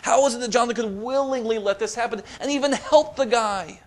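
A man delivering a sermon, reading scripture aloud with dramatic emphasis and rising to forceful peaks. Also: very high voice, brisk. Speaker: preacher.

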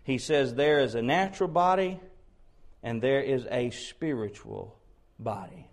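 A man preaching an expository sermon, building to loud, slowed, emphatic peaks on key words. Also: mid-range voice, animated.

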